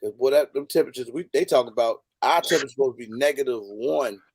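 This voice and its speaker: A man in a casual livestream chat, talking fast and animated as he gets ready to sign off. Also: medium pitch, breathy edge, no echo, poor audio. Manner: quick and animated, signing off.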